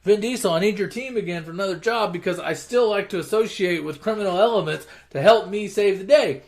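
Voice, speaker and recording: A man quoting a brash tough male action-movie lawman in loud mock-heroic bursts. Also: high-pitched, brisk.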